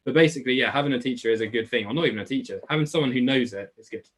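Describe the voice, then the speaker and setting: A man's voice: medium pitch, rapid-fire. A young man with an Essex accent tutoring biology in a casual live online class, chatty and informal, reading and answering questions from the chat. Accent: Essex English. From England. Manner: chatty and informal, lots of "like" and "right?". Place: home room, alone.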